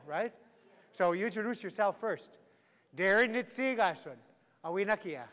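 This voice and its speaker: A man's voice: high-pitched, a bit bright. A man teaching a live language class, playful and laughing, drilling phrases for the group to repeat. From Canada. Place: large hall with a live class. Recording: echoey hall, live class.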